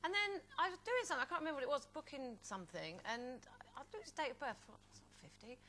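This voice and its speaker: A woman panelist on a chat show, telling an anecdote in a giggly, lively way. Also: high-pitched, very fast, a little hiss or hum. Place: TV studio.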